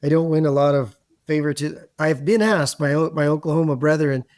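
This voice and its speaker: A middle-aged man from Canada, a podcast guest telling animated, self-deprecating stories in a relaxed conversation. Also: on the high side, a little fast, no echo, studio quality. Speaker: interview guest. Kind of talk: conversational interview.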